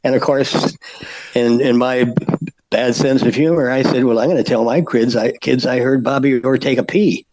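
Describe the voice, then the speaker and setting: An older man, a podcast guest, telling stories in a halting way with many fillers and restarts. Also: mid-range voice, fairly even intonation, darkish tone, a little hiss or hum, rough recording. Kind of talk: anecdotal storytelling.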